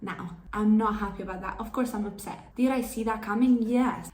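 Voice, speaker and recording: A young woman from Italy chatting in a casual reading vlog, with animated, swearing, ranting reactions to the story. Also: a little high, fairly quick, hardly any pauses, a little hiss or hum. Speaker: book vlogger.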